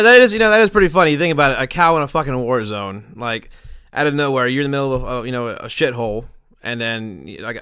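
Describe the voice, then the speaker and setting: Man, podcast producer, rambling and profane, smooth clear voice, dry close sound. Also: medium pitch, sharp tone, no echo. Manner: rambling, crude, profane, laughing. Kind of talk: casual podcast chat.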